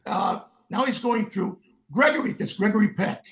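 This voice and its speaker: A man's voice: sits high, moderate pace. An older man, a guest musician, telling stories in a sit-down interview and acting out the voices of the people in them. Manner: animated, acts out the voices of the people in his stories.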